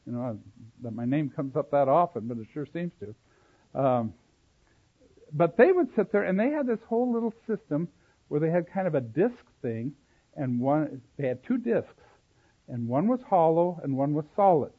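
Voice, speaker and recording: A man leads a Bible study lecture in a somewhat high voice, explaining at length and wandering into side notes. He restarts and corrects himself as he goes. The sound is thin and narrow, like a phone line. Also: sing-song, moderate pace, breathy edge. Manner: explanatory, digressive, self-correcting. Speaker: Bible teacher.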